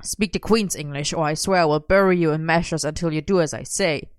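A woman's voice: deep voice, fairly quick, clear, resonant tone, no room sound, clean studio sound, lightly acted. A woman reading aloud, voicing a smug, bossy young man who teases his friend. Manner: bossy, commanding.

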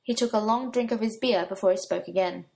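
A woman's voice: mid-range voice, brisk, vocal fry, darkish tone. A woman reading a story aloud, giving her own light touch to the young men's lines. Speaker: narrator.

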